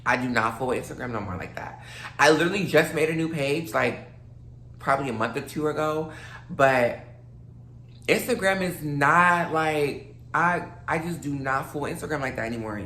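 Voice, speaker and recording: A woman's voice: deep voice, normal speed, fairly bright tone, echoey room. A woman in her late twenties rambling casually to her viewers, a little tipsy and slightly slurred, with lots of fillers. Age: late 20s. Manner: loose, rambling, many fillers, addresses viewers as y'all. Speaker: vlogger. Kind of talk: casual rambling monologue to camera.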